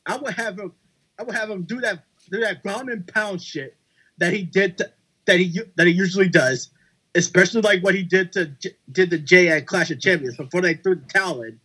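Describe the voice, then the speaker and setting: A man on a casual podcast, talking with enthusiasm and dropping into a low voice for quotes. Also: brisk, bright, forceful tone, husky. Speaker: podcast panelist.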